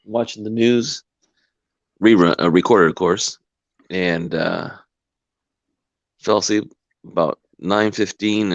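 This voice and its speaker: Deep-voiced man in a casual stream chat. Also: dry recording. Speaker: guest on a livestream. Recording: dull lo-fi stream audio.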